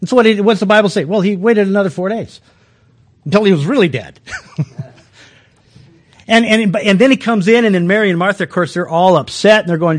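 A man's voice: high-pitched, brisk, long pauses. A man preaching in a folksy conversational way, chuckling often and restarting his sentences. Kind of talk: conversational sermon.

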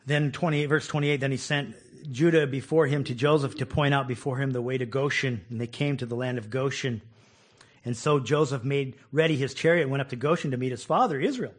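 A man's voice: mid-range voice, fairly quick. A man preaching a conversational sermon, chuckling often and acting out people's complaints. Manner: conversational, laughs often, acts out quoted complaints.

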